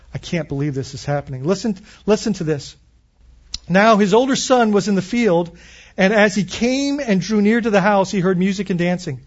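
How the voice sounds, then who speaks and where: A man's voice: sits high, muffled recording. A man preaching a morning sermon as pastor, reading scripture aloud and explaining it with questions to his listeners.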